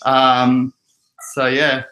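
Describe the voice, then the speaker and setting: A man's voice: medium pitch, completely flat delivery, extremely slow, pushed and bright. A young Australian man with an Australian accent hosting a casual live stream, chatty and laughing often as he reads out viewer comments. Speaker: crypto livestream host. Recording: echoey room.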